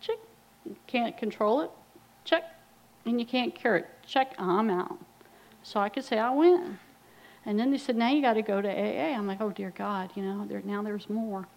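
A woman's voice: mid-range voice, normal speed, creaky, a little mellow, rough recording. A middle-aged woman giving a personal recovery testimony, telling her story bluntly and wryly, with quoted asides. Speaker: recovery speaker.

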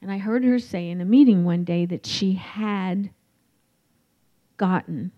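A woman in her forties telling her recovery story in a candid, reflective way, with many pauses and fillers. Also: mid-range voice. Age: 40s. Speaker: recovery meeting speaker. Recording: dull lo-fi recording.

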